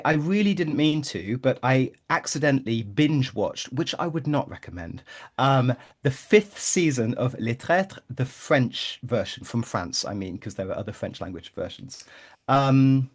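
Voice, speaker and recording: Playful man guesting on a podcast. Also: mid-range voice. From Birmingham, England. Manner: playful, laughs often, mimics voices. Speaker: guest co-host. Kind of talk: podcast chat.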